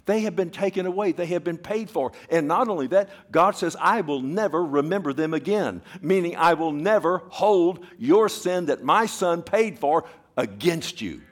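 A man preaching a sermon who keeps asking the congregation "Amen?". He swings from loud emphatic bursts to low, quiet asides and often repeats words as he goes. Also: expressive, normal speed, few pauses. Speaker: pastor.

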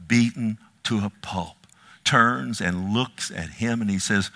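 Male pastor mid-sermon; bright, tense delivery, emphatic with rhetorical questions. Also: fairly low pitch, takes it slowly, vocal fry. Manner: emphatic, swings from hushed to loud, rhetorical questions to the congregation.

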